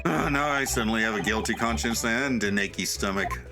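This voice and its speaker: A man's voice: on the low side, a little fast, close to an everyday voice. A man voicing an anxious young lawyer in a game read-through, wry and fretful. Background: game music.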